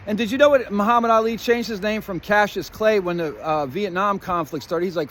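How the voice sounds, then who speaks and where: High-voiced man ranting profanely to camera. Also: brisk, fairly bright tone, a little hiss or hum. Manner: profane, swears often; rambling, jumps between topics, plays on words. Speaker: vlogger. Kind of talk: rambling conspiratorial monologue.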